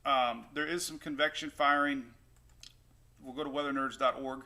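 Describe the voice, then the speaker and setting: This man runs an easygoing weather livestream, rambling happily while talking with his audience through a new desktop mic. His voice is medium in pitch, bright and forceful, with fairly even intonation and a moderate pace.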